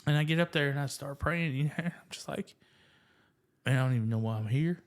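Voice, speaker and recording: A man casually telling his faith story as a podcast guest, animated and self-deprecating, full of "like" and "you know". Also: fairly high pitch, fairly quick. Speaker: guest sharing testimony.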